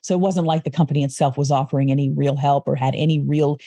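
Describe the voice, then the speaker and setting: A woman guest telling a story in casual conversation, animated and acting out the voices of others. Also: low voice, quick pace, dry recording. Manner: animated, acts out voices in her stories.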